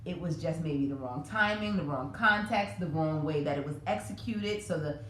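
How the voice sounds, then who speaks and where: A woman with a fairly low voice talks through early childhood parenting in a relaxed, conversational way, often circling back with "like" and "um". The room echoes and a faint hiss sits under her voice. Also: normal speed. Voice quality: conversational, many fillers and self-corrections. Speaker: parenting podcast host. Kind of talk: casual educational talk.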